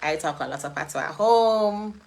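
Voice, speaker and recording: A middle-aged woman, hosting and talking casually in a chatty, animated way, laughing often. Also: sits low, normal speed, gravelly, poor audio. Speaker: event host. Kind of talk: casual monologue.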